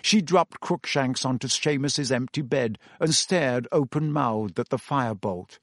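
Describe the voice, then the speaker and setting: A man reading a storybook aloud as narrator, telling it in a steady, measured way on a close mic. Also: medium pitch, dry recording. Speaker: audiobook narrator. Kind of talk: scripted narration.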